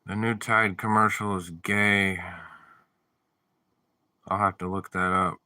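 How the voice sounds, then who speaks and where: A man's voice: on the low side, little pitch movement, slow, sharp tone, no echo. A man chatting casually on a live stream, joking around and reading viewer messages aloud. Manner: playful, jokey, reads viewer messages aloud. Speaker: livestreamer reading chat.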